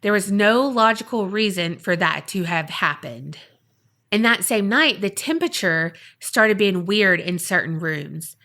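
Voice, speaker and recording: A woman's voice: mid-range voice, animated, unhurried, sharp tone. Chatty woman telling a spooky story. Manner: chatty, dramatic, filler-heavy. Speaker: podcast co-host. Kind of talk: casual storytelling.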